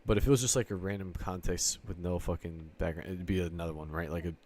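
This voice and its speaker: A man's voice: low voice, fairly even intonation, fast talker, darkish tone. A man from Sicily talking casually in an online chat, circling through a rambling argument and swearing freely as he acts out both sides of an imagined exchange.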